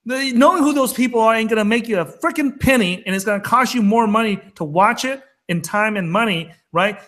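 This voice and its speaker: A man's voice: high voice, fairly quick, a bit bright. A man co-hosting a trading talk show, talking in an emphatic, fired-up rant. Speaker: co-host of a crypto trading show. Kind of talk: casual chat.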